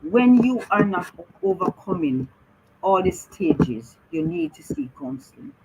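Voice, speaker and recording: A woman's voice: fairly high pitch, big pitch swings, unhurried, vocal fry, muffled recording, very noisy. A middle-aged woman speaking on the radio as a bereaved mother, earnestly and repetitively urging listeners. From Jamaica. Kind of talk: emotional radio talk.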